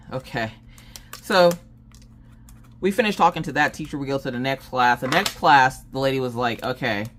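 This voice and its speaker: A woman's voice: rumbling low, a little hiss or hum. A woman vlogger chatting while she crafts, drifting from her project into a long anecdote. She tells it in a loose, rambling way and voices the people in it as she goes. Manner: rambling storyteller who acts out quoted dialogue. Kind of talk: casual chat while crafting.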